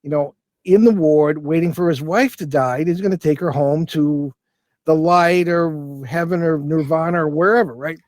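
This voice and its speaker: An older man, a paranormal investigator appearing as an interview guest, rambles through a long anecdote with plenty of restarts and fillers in a casual storytelling chat. His voice is fairly high and a little mellow, moving at a normal speed with no echo.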